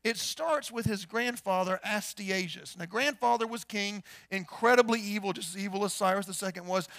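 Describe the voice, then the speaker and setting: A pastor preaching a storytelling sermon, swinging between hushed and loud and firing rhetorical questions. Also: male voice, sits high, moderate pace, no echo. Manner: rhetorical questions, repeats words.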